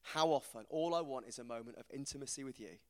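A man voicing God in a quiet, lowered, gently reproachful tone during a sermon. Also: fast, lightly acted. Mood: gently rebuking. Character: God, calm male divine voice, gently rebuking. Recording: reverberant hall.

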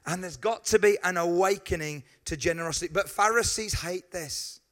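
A man preaches to his congregation, weaving in stories and quick asides. His voice sits high for a man and rings bright and forward. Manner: lively storytelling with asides to the congregation. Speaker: pastor. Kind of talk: sermon.

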